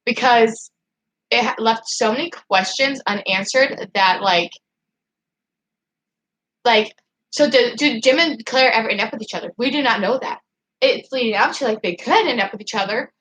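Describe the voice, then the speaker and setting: A woman's voice: on the high side, a bit bright, a little hiss or hum, poor audio. A woman on a casual livestream, rambling and emotional, still upset after crying, with nervous laughs and many fillers while she answers her chat. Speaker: livestreaming vlogger.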